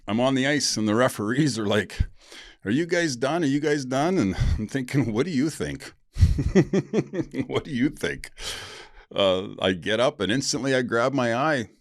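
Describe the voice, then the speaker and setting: Low-voiced man, relaxed storytelling host. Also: no room sound, clean studio sound. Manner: laid-back, laughs often, many fillers. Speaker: podcast host. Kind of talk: casual storytelling and recovery reading.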